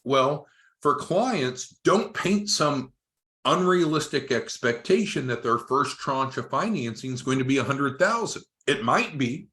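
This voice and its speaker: Male business trainer, emphatic, animated pitch, repeats phrases, restarts often. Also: a little slow. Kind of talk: recorded training talk.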